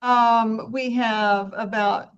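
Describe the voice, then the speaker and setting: A woman's voice: on the high side, steady tone, very slow, smooth, muffled recording. A woman hosting a casual interview, answering her guest with short, encouraging replies. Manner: brief encouraging responses. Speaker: interview host.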